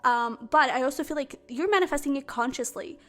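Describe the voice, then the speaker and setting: Brief: female tarot reader, high voice, effusive and excitable, chatty filler-heavy delivery. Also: brisk. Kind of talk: pick-a-card tarot reading to camera.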